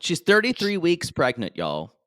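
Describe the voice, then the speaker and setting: A man chatting casually on a podcast about reality TV, gossipy and quick to laugh. His pitch swings widely as he acts out the people he talks about. The sound is dry and close. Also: huge pitch swings, a bit bright, no room sound. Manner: gossipy, laughs often, mimics cast members in quotes. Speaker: podcast co-host. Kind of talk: casual chat recapping reality TV.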